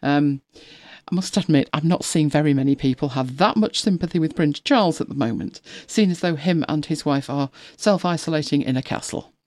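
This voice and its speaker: A woman's voice: low voice, brisk, a little mellow, dry recording. A middle-aged woman hosting a casual live stream, chatting at length and laughing often as she talks. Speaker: livestream host.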